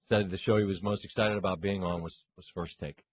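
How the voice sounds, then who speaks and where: A man's voice: sits low, steady tone, a little fast, lo-fi sound, very noisy. A middle-aged man co-hosting a sports radio show, joking and teasing in casual banter. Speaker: co-host.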